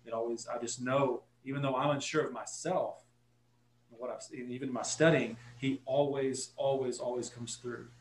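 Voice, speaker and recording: A man's voice: medium pitch, steady tone, normal speed, echoey room, a little hiss or hum, low-quality recording. A man with a Texan accent, a guest pastor telling a story in casual podcast talk, earnest and correcting himself as he goes.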